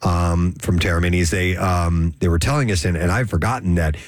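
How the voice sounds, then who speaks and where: A man with a fairly low voice hosts a radio show, rambling through stories in an easygoing way with plenty of "uh"s. He sounds close and dry in a studio, with no room echo. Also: steady tone, brisk. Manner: rambling, easygoing storytelling with many fillers. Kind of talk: casual studio chat.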